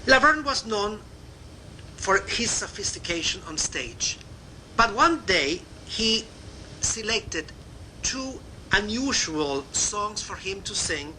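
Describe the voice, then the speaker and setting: An older man with a Cuban accent telling backstage memoir stories in a warm, chatty way. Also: high voice, expressive, measured pace, a little hiss or hum, low-quality recording. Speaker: narrator. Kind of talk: memoir storytelling.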